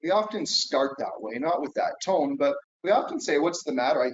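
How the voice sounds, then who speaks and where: Here a middle-aged man gives a keynote at a conference in a coaching style, peppering it with "right?" and "okay?". His voice sits on the high side, animated and brisk. Expect an echoey hall and dull, lo-fi sound.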